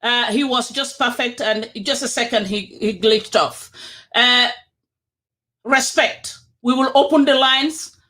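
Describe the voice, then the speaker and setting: A Gambian-accented host opening a live-streamed talk show, excitedly welcoming viewers over and over and mixing English with a local language. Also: medium pitch, a little slow. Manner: excited, hyping, repeats welcomes.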